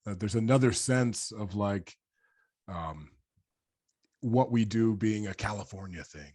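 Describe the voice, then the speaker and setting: A man's voice: lowish voice, measured pace, dark tone. A man hosting a podcast, asking long, rambling questions and affirming his guest enthusiastically. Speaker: podcast host. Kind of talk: podcast interview.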